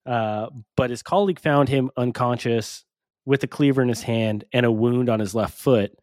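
A young man co-hosting a podcast, talking in a relaxed, casual way and thinking out loud. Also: medium pitch, moderate pace, no echo. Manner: relaxed, thinks aloud with fillers. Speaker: podcast co-host. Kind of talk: casual chat.

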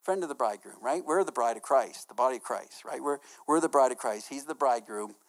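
A man's voice: medium pitch, expressive, fast talker. A man preaches to his church in an easygoing, talky manner. He leans on "you know" and "right?", restarts his phrases, and keeps asking the congregation questions. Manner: casual, filler-heavy, repeats words, asks the congregation questions. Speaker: pastor. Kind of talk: conversational sermon.

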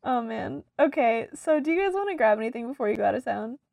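A woman's voice: a little high, expressive, quick pace, creaky, a little mellow, dry recording. A woman running a tabletop game as game master, laid-back and hesitant, with many fillers. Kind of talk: casual tabletop game narration.

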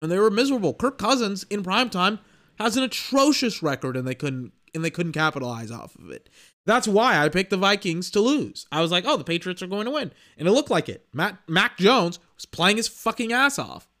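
Blunt, animated young man ranting. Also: high-pitched, brisk. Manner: animated, blunt, exasperated rants with slang. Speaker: podcast host. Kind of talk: casual sports podcast monologue.

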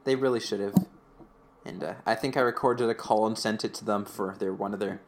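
A man co-hosting a podcast, recapping an episode in casual chat, rambling with lots of fillers and slipping into quick voices for quotes. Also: lowish voice. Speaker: podcast co-host.

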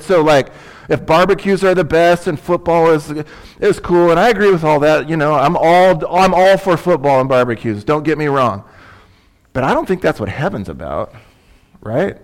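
A man's voice: fairly high pitch, expressive, normal speed. A man preaching a sermon as pastor, conversational and emphatic, with asides and rhetorical questions.

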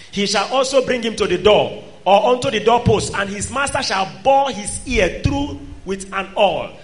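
A man preaching a sermon, swinging between loud exhortation and quiet asides. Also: high-pitched.

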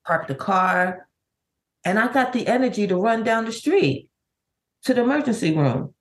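A middle-aged woman, a bereaved mother, telling her story in an interview, with halting, vivid recounting and many restarts. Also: medium pitch, lively intonation. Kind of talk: emotional personal storytelling.

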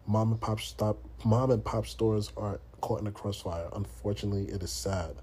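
A man's voice: fairly low pitch, steady tone, moderate pace, dark tone, husky. A man from the United States hosting a podcast, talking in a blunt, profane, casual monologue full of restarts. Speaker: podcast host.

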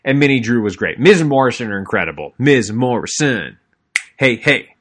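A man's voice: mid-range voice, animated, brisk. A young adult man co-hosting a podcast, giving an enthusiastic, rambling wrestling recap with lots of fillers and restarts. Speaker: podcast co-host. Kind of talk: casual wrestling recap monologue.

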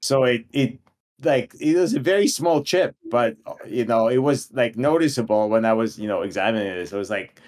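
A young man who is a guest on a podcast, telling lively anecdotes in a casual chat and laughing through them. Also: medium pitch, brisk. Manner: animated storyteller, laughs through his anecdotes. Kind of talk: casual storytelling.

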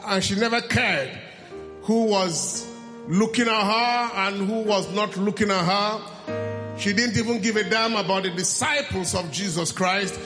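A man preaching a sermon with an impassioned, pleading delivery. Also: sits high. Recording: long hall reverb with faint music.

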